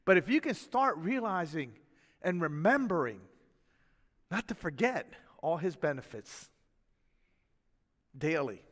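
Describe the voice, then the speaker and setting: A man preaching a sermon as pastor, in a folksy, animated way with chuckles and asides. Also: fairly high pitch, unhurried, long pauses, big-room sound. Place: church sanctuary.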